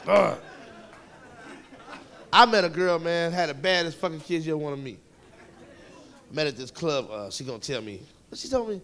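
A man performing profane, animated stand-up comedy storytelling on a club stage, with a laughing audience behind him. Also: on the high side, normal speed, long pauses, some chatter behind. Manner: profane, animated storytelling with shouted kid voices.

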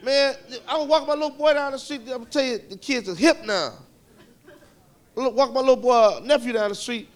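A man performing profane, animated stand-up comedy storytelling on a club stage, with a laughing audience behind him. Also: very high-pitched, brisk. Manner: profane, animated storytelling with shouted kid voices.

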